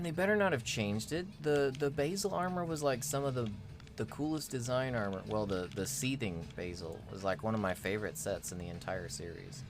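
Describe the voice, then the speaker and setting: A man co-hosting a gaming livestream, chatting casually and rambling playfully. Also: medium pitch. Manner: rambling, playful, fond of mock pronunciations. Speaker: livestream co-host. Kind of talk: casual gaming stream chat.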